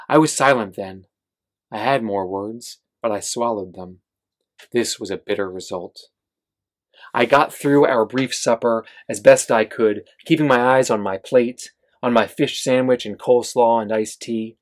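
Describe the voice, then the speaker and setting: A man's voice: mid-range voice, a little slow. A man, the author, reading his novel aloud at a bookstore event, with casual asides to the audience. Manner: steady reading with filler-heavy asides.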